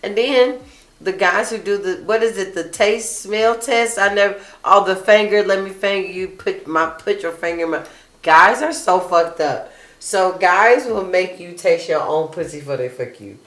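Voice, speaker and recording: A woman's voice: medium pitch, normal speed, fairly bright tone. A woman hosting a casual chat show, reading live comments aloud and talking bluntly with lots of swearing and laughter. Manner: blunt, profane, laughing often. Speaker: host. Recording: echoey room.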